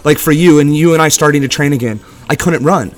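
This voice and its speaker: Young male podcast co-host, slightly higher voice, earnest and encouraging, swears casually, gym setting. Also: quick pace. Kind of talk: casual motivational podcast talk.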